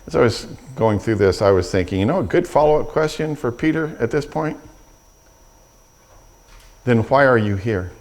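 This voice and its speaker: A middle-aged male pastor delivering a sermon in a storytelling way. He pitches his voice at an ordinary middle height and often repeats words as he restarts his thoughts. He brings the scenes to life with dramatic retellings. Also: lively intonation, fairly quick, hardly any pauses, a little mellow. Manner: storytelling, dramatizes scripture with vivid quotes; frequent restarts and repetitions.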